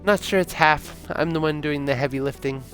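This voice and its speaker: A man's voice: on the high side, moderate pace, a bit bright, soft background music, pitched above the performer's own voice, natural voice. A man voicing a blunt, sweary, sardonic pregnant young woman in a taxi, read from a story game. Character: feisty pregnant young English woman passenger.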